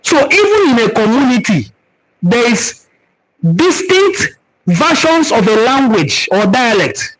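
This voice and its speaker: In a live-stream teaching session, a man with a Nigerian accent hosts a cultural forum and answers viewers' comments, preaching earnestly and repeating words for emphasis. His very high voice is sing-song and unhurried with a fairly bright tone, though the recording is rough.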